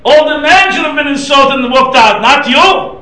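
Middle-aged male rabbi, emphatic class lecture, very high bright voice, recorded from across an echoey room. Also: animated, normal speed, distant mic. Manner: emphatic, storytelling, mixing Hebrew and Yiddish terms.

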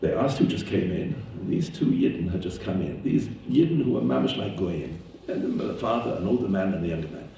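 A man's voice: low-pitched, expressive, brisk, vocal fry, hardly any pauses, mellow, slight background noise. A man telling stories in a sermon, an emphatic storyteller whose voice leaps up when he gets stirred. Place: lives in Israel. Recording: very echoey room, mic far off.

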